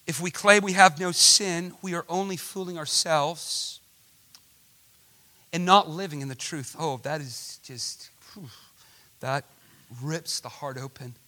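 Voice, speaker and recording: Slow, bright-voiced impassioned preacher man. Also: a little high. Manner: impassioned, rising to shouts at climaxes; asks the congregation rhetorical questions. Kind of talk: sermon.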